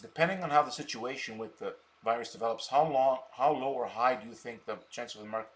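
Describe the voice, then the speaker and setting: A man hosting a stock trading live stream, mocking his viewers scornfully and boasting, with loud bursts of laughter between rambling stretches. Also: mid-range voice, fast. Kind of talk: ranting live stream talk.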